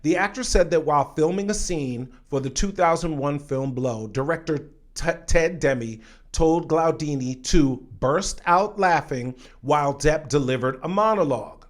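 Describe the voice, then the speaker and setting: A male acting coach with a voice pitched somewhat high for a man. He teaches an online acting lesson in an emphatic, direct way, speaking straight to his viewers. He keeps pausing to read passages aloud from an article before coming back to his own points.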